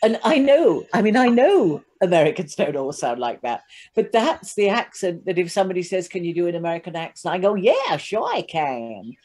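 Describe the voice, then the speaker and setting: A woman's voice: fairly low pitch, animated, brisk, a little mellow. A British woman who works as a narrator and coach, chatting casually and acting out little asides as she talks. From United Kingdom. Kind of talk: casual chat.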